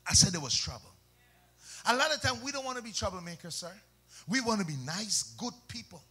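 A male preacher, delivering a fiery sermon, shouting and then dropping to soft asides, with call-and-response questions. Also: high voice, lively intonation, a little fast, husky. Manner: swings between loud shouts and soft asides.

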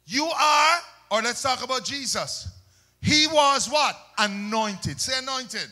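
A male preacher, delivering a fiery sermon, shouting and then dropping to soft asides, with call-and-response questions. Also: extremely high pitch, lively intonation, measured pace. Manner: swings between loud shouts and soft asides.

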